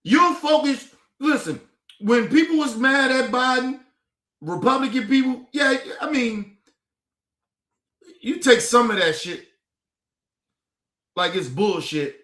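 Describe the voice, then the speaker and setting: High-pitched ranting man, echoey room. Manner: profane, exasperated ranting, rising to shouts. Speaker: political commentary streamer. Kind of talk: casual heated commentary.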